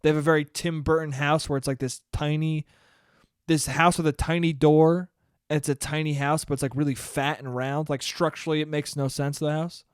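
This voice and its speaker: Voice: mid-range voice, level tone, brisk, clear, resonant tone, no room sound, clean studio sound. Rambling, swearing podcast host. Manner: rambling, swears a lot, laughs at own jokes. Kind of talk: casual comedic monologue.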